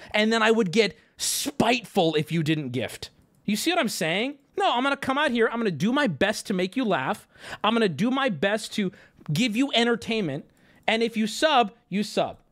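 A man streaming live, ranting casually and arguing back at his chat in a mocking, animated way. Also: high-pitched. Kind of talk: casual livestream rant.

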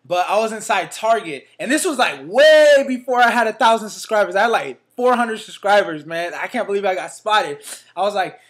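His high-pitched, expressive voice runs a little fast as the fitness vlogger chats to camera with his fans. Excited and slang-heavy, he speaks with a Northern California accent and works "man" and "baby" into every line.

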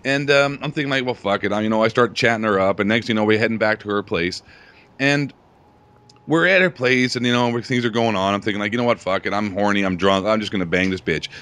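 A man's voice: lowish voice, fast, fairly bright tone, clear, resonant tone. A young man telling a crude story in casual chat, profane and rambling, laughing often. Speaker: podcast host.

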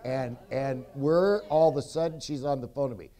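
A rowdy man shares his testimony on a convention stage, cracking jokes and cutting in with blunt asides. His voice sits in a middle pitch and has a warm, mellow color, and he speaks into a stage microphone. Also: moderate pace. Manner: jokey, keeps interrupting, blunt and rowdy. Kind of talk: rambling storytelling testimony. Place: convention stage before an audience.

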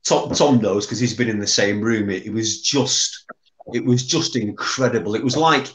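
A man's voice: lowish voice, moderate pace, fairly bright tone, echoey room, poor audio. A man who chairs a memorial foundation, telling fond anecdotes and often repeating words as he recalls them. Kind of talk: reminiscing anecdote.

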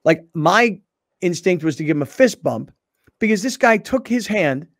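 A man hosting a sports talk show in a broadcast studio, telling a story in an animated way and doing the voices of the people in it. His voice sits a bit high, recorded close on a dry studio mic. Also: normal speed, no echo. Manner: animated storyteller, acts out dialogue. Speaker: radio and TV show host. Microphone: studio microphone.

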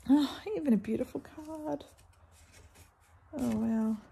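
Female book vlogger, unhurried delivery with a fry-edged voice, gushing and breathy-hushed when excited. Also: high voice. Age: adult with sons. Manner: gushing, with gasps and hushed exclamations. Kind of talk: casual book-haul vlog.

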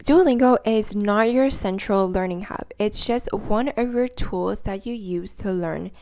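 A woman in a relaxed tutorial voice, taking her time and speaking at an unhurried pace. She rambles a little, leans on fillers, and repeats words for emphasis. Now and then she sounds out syllables and tones slowly and carefully. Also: mid-range voice. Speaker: language-learning vlogger. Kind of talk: casual tutorial talk.

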